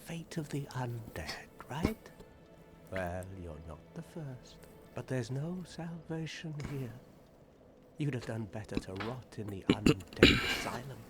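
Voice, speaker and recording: An actor playing a gloomy, sardonic undead warrior in a video game, with a depressing monotone delivery that is cynical and world-weary. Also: male voice, medium pitch, unhurried, over music. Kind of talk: video game character dialogue. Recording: game audio with steady background noise.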